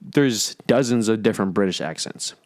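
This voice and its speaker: A man's voice: on the low side, moderate pace, dry recording. Earnest young man, dry close sound. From New York. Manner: earnest, explains his views at length. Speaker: podcast co-host. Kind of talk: casual chat.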